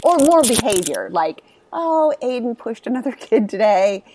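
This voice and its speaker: A woman's voice: a little high, big pitch swings, moderate pace, a little mellow, no echo. Woman, 30s, mother, candid storyteller, swears a lot. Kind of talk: casual chat.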